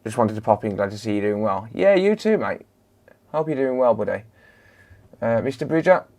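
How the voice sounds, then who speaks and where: A man's voice: on the low side, very animated, normal speed, a little mellow. A man hosting a live stream, greeting viewers one by one and bantering casually with his chat. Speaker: live-stream host, electronics repairer.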